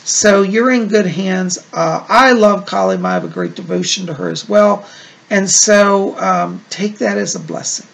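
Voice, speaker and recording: This psychic medium host has a high-pitched, creaky, slightly bright voice with big pitch swings and a moderate pace. He reads out viewer letters, chatty and reassuring, with "like" and "you know" sprinkled throughout.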